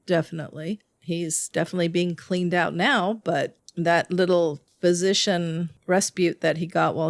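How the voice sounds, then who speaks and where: A woman co-hosting a podcast in casual chat, reacting with quick interjections. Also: lowish voice, vocal fry, dry recording. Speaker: podcast co-host.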